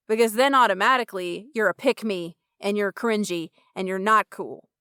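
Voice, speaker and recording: Smooth-voiced chatty young woman podcaster. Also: medium pitch, animated, normal speed, few pauses, pushed and bright, dry recording, studio quality. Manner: chatty and self-mocking, laughs often. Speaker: podcast co-host. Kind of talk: casual podcast chat.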